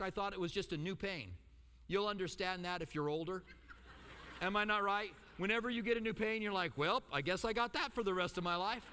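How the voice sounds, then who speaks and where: A middle-aged male pastor preaching a sermon, telling stories with lively asides and acting out the quotes. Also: high voice, big-room sound, slight background noise. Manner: animated storytelling with acted-out quotes and asides.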